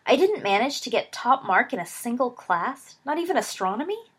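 A woman voicing a cocky teenage schoolboy wizard in a storybook reading, boastful and excitable, her pitch somewhat low with a breathy edge. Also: a little fast.

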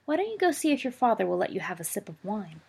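A woman voicing a kindly middle-aged uncle who speaks quietly and gently to his nephew in a storybook. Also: medium pitch, sing-song, quick pace, vocal fry, breathy edge, exaggerated voice. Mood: gentle.

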